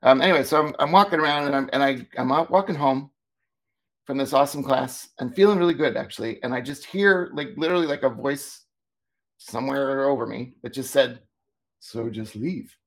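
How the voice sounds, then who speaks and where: A man, a former teacher co-hosting a talk show, telling stories in a lively, casual way and acting out what people said. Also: mid-range voice, a little fast. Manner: animated, acts out quoted dialogue. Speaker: podcast co-host, former teacher. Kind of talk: casual storytelling chat.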